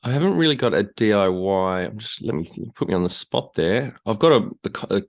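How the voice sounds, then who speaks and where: A deep-voiced Australian man from Tasmania, a guest on a casual podcast. He talks in a relaxed, easygoing way with some hesitations. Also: a little fast. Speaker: podcast guest, business founder. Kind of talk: casual chat.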